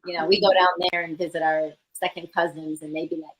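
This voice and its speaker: A woman joins a livestream as a guest, chatting casually and often breaking into laughter. Her voice sits low but sounds bright and forceful. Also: little pitch movement, fast, low-quality recording. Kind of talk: casual chat.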